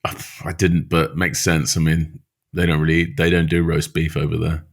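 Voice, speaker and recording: A man's voice: rumbling low, flat delivery, normal speed, vocal fry. A man co-hosting a casual rugby podcast, chatting in a laid-back way and often saying "mate" and "like". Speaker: podcast co-host.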